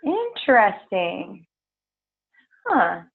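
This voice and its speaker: A woman's voice: mid-range voice, huge pitch swings, drawn-out words, creaky. A woman leading a meditation group, chatting in a rambling way full of fillers, then guiding the group through a grounding meditation. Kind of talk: casual chat and guided meditation. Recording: tinny phone-like lo-fi recording.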